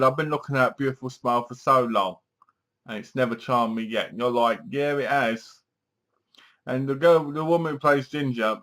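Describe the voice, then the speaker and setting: Man, casual horror film review, rambling, lots of fillers and restarts, mid pitch. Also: a bit bright. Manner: rambling, chatty, leans on filler words and restarts.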